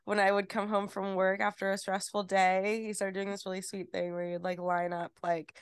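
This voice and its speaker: A young woman co-hosting a relaxed podcast chat. Her voice sits at a middling pitch. She laughs easily and throws in blunt, profane wisecracks. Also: moderate pace, clean tone. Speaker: podcast co-host. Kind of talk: casual chat.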